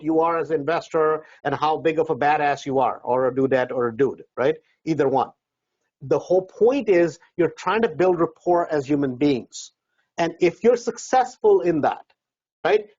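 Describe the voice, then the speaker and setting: A man's voice: a little high, a little mellow, slightly rough, muffled recording. A man coaching real estate investors in a seminar talk, conversational, acting out doorstep dialogue and often asking "right?".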